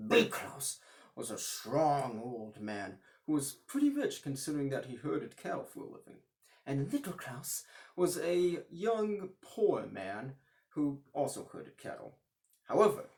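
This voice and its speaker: Animated male storyteller. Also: medium pitch. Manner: animated, dramatic. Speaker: narrator. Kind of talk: storytelling for children.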